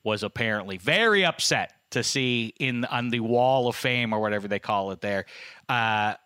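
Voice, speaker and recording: A man's voice: mid-range voice, moderate pace, bright, forceful tone, clear, resonant tone, no echo, clean studio sound. A man in his late fifties hosting a casual chat, rambling and self-mocking with many fillers. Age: 50s. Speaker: sports radio host.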